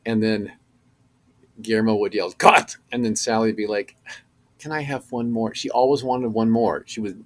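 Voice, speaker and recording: A middle-aged man speaks as a podcast guest, his voice sitting a little low. He tells his stories with many fillers and restarts and grows animated at the punchlines. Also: moderate pace. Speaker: actor guest. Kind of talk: casual podcast interview.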